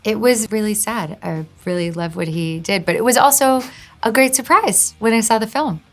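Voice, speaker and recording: A woman's voice: mid-range voice, normal speed, soft background music. A woman being interviewed as a guest, chatting casually and laughing often. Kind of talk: casual chat.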